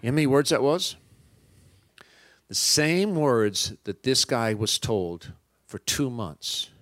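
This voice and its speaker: A man preaching a personal testimony, telling it as an animated story and acting out both sides of the dialogue. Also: mid-range voice, slow pace, no echo.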